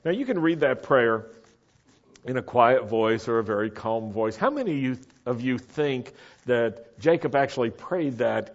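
A man preaching a sermon with lively, animated delivery that swings from quiet asides up to sudden shouts. His voice sits in the middle range for a man. The recording is dull and lo-fi. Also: mid-range voice, normal speed. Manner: animated, rising to shouts for emphasis. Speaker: pastor.

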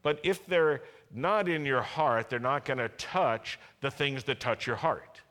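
Bright-voiced preacher in a reverberant hall. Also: male voice, medium pitch, a little slow. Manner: preaching, asks the congregation to respond. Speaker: pastor. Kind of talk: sermon. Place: large worship hall.

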